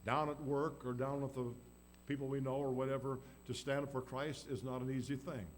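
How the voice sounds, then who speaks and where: A man's voice: medium pitch, little pitch movement, a little fast, rough recording. A man preaching a sermon in a folksy, storytelling way, acting out the people in the story. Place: church. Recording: faint background noise and hum.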